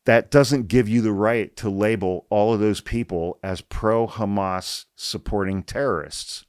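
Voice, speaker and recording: Unhurried and lowish in pitch, with a clean tone, a man reads an article aloud on his political commentary podcast. He speaks bluntly and heatedly, swearing often and restating points for emphasis, in studio quality with no room sound.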